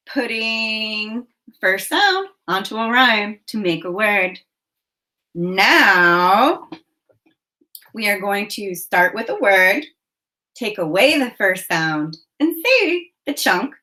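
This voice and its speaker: A woman teacher leading a phonics lesson for young children, speaking clearly and encouragingly. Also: mid-range voice, expressive, bright, forceful tone. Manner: slow, clear, encouraging enunciation.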